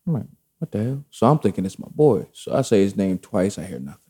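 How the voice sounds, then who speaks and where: A man with a low, mellow voice tells a story in casual chat. He is animated and swears freely, with loose street slang running through his delivery. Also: fast, husky.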